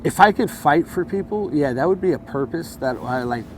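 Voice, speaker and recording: A man with a somewhat high voice tells his story outdoors in a heated, profane rush. He acts out what others said to him, and busy city street noise carries clearly behind him. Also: animated, normal speed. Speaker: interviewee. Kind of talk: casual street interview.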